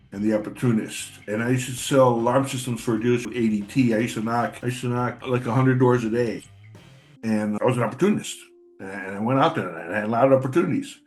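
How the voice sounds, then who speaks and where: A middle-aged man in a casual personal monologue, blunt and profane, rambling with repeated words. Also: medium pitch. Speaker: channel host.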